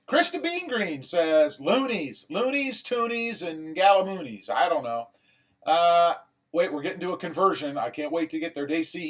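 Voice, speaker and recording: A man rambling through live chat. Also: high-pitched. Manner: rambling and joking, reads chat aloud and answers. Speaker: livestream host. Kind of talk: casual live chat, reading viewer comments. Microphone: laptop microphone.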